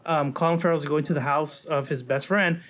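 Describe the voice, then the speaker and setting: A man's voice: a little high, fairly even intonation, brisk, a bit bright. A man co-hosting a podcast, casually reviewing movies in a rambling way, full of fillers and acted-out quotes. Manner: rambling, lots of "like" and "um", acts out quotes. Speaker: podcast co-host.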